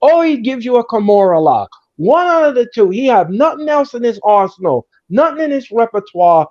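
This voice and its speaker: A man's voice: very high-pitched, sing-song, moderate pace. Ranting man on lo-fi audio. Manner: ranting, repetitive and emphatic. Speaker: podcast host. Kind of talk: casual wrestling chat.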